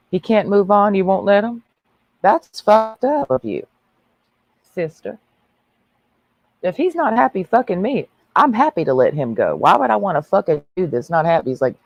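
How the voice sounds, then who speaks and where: A woman's voice: lowish voice, gravelly, no room sound, muffled recording. A woman ranting on a livestream in a brash, mocking, preachy way.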